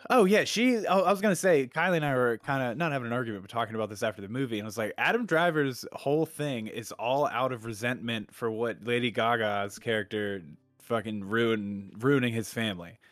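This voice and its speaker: A man's voice: medium pitch, a little fast, hardly any pauses, a bit bright, dry recording, clean studio sound, faint music behind. A man chatting casually about a movie in a rambling, laid-back way, swearing now and then. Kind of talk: casual film review chat.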